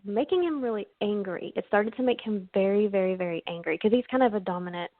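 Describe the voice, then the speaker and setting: A woman's voice: medium pitch, fast, no echo. A woman in her thirties calling in to a show, talking hesitantly with restarts and nervous laughs. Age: 30s. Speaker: caller. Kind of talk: phone-in conversation. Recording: dry phone line.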